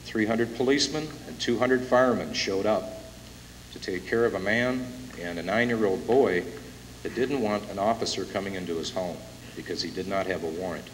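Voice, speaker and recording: A man's voice: on the low side, normal speed. Emotional man introducing a speaker in a hall. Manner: emotional, building to loud announcements. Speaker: event emcee introducing the speaker. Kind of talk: impassioned rally introduction. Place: conference hall with a live audience. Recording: echoey hall from far off, hissy tape.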